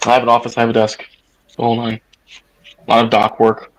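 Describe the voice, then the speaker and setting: A man in his thirties from the United States calls in as a guest to a voice chat for a casual political debate. His medium-pitched voice is monotone and fast, and he rambles emphatically, swearing now and then, over a low-quality recording.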